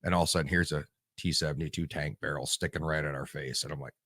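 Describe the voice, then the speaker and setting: A bass-voiced veteran from Michigan, in his forties, talks fast with fairly even intonation and a slightly bright tone. As a guest in a casual interview he rambles through stories, blunt and profane. The recording is dry and studio quality.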